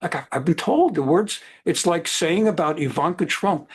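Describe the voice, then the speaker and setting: A man teaching a Torah class over a video call, digressive and lively, sprinkling in Hebrew terms. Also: fairly high pitch, moderate pace, few pauses, husky. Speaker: rabbi teaching a Bible class.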